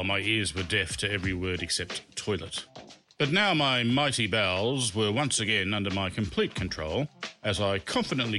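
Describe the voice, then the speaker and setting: A man hosting and narrating his own comic memoir in a wry, self-mocking storytelling manner. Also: fairly low pitch. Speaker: podcast host and narrator.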